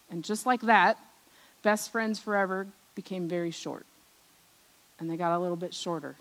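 A middle-aged woman preaching a personal testimony, telling stories from her childhood, acting out the voices she remembers and often trailing off softly. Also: lowish voice, normal speed, pauses often, rough recording. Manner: storytelling, acts out remembered voices, drops soft at ends of lines. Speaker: speaker at a church service.

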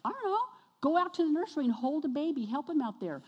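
A woman preaching a sermon to her congregation, energetic and exhorting, often questioning the listeners. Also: high-pitched, fast, muffled recording. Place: church sanctuary. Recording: long reverb of a church hall.

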